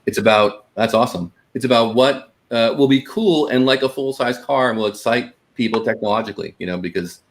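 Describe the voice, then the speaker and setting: A man co-hosting a casual podcast about hobby cars, rambling and correcting himself as he goes. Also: mid-range voice. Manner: talks fast, with restarts and asides. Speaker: podcast co-host. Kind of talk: casual chat.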